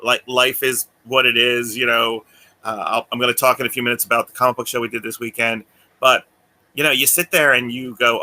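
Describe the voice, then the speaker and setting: A podcast co-host with a strikingly bright, edgy voice rambles through casual chat. He laughs often and slips into the voices of people he quotes. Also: mid-range voice, fairly quick.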